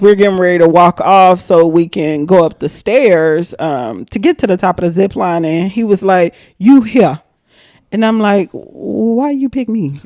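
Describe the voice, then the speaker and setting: A young adult woman, a podcast guest, telling a story casually in an animated, profane way, laughing often. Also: medium pitch, no room sound, studio quality.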